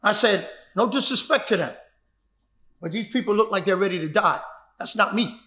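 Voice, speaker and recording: A martial arts instructor telling his own story in an emphatic, repetitive way that builds to shouts. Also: high voice, normal speed. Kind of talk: personal storytelling. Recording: echoey room.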